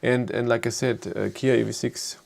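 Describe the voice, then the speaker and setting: A man with a German accent, hosting a live stream and chatting with viewers in English in a halting, rambling way. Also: mid-range voice, fairly even intonation, creaky. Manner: rambling, halting, frequent restarts. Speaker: YouTube car channel host.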